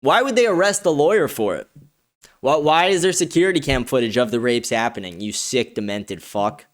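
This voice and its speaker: A man hosting a livestream, reading viewer comments with profane, combative ranting that turns excited when he is pleased. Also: medium pitch, brisk. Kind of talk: casual streaming talk.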